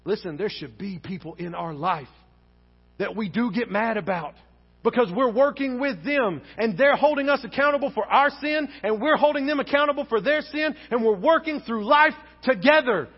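A male pastor preaches with a very high-pitched voice, animated and theatrical. His voice rings with long reverb through a church hall. The recording is a bit dull and muffled. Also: moderate pace, slightly rough. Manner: animated preaching, acting out dialogue. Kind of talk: sermon. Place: church sanctuary. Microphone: wearing a face mask.

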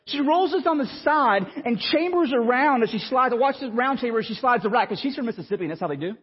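A man, preaching a sermon and telling a story in an animated, stammering, self-mocking way. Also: extremely high pitch, fast, a little hiss or hum. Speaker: pastor. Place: church sanctuary. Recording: muffled sound with long hall reverb.

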